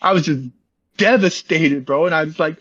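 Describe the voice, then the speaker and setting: A man's voice: a little high, normal speed, fairly bright tone, highs cut off. A man as an interview guest, telling his story in a rambling, slangy, casual way and calling listeners bro. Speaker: interview guest, online community founder.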